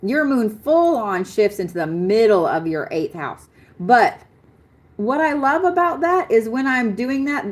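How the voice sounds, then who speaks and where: With a higher voice that swings widely in pitch, a young adult woman reads astrology charts live at a measured pace. She speaks bluntly, often swearing and laughing.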